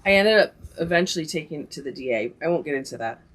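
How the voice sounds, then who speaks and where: A middle-aged woman tells a personal story on her podcast, chatty and animated. She acts out what people said and leans on "like" as she goes. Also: low-pitched, fast talker. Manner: animated storytelling, many likes and quoted dialogue. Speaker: podcast host. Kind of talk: casual storytelling chat.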